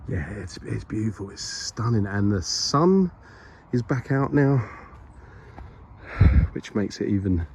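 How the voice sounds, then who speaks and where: Expressive and husky, with a darkish voice on the low side, a man takes it slowly while filming a casual walking vlog. He explores a historic site on a hilltop beside a graveyard, winded, rambling, chatty and self-mocking, with birdsong behind him.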